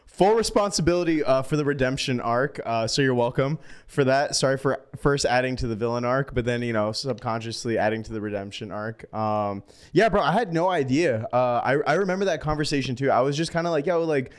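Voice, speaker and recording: Smooth-voiced laid-back podcast host. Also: male voice, medium pitch, a little fast, few pauses. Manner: relaxed, uses fillers, laid-back. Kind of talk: casual chat.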